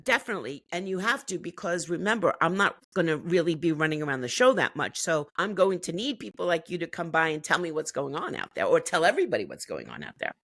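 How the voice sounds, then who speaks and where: A woman's voice: low-pitched, sing-song, fast, hardly any pauses, a bit bright, no room sound. A woman from the United States chatting enthusiastically as an interview guest, now and then laughing as she talks. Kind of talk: casual interview chat.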